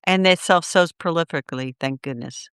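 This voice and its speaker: A woman's voice: low-pitched, moderate pace, a bit bright, smooth, dry recording, clean studio sound. Matter-of-fact woman gardening co-host. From American Midwest. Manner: practical, matter-of-fact, brief interjections. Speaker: podcast co-host. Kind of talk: casual gardening chat.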